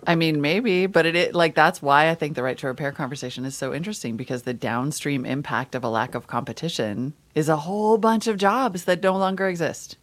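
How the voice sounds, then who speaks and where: A woman's voice: deep voice, a little fast, hardly any pauses. A woman co-hosting a show, upbeat and enthusiastic. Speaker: co-host. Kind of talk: casual chat.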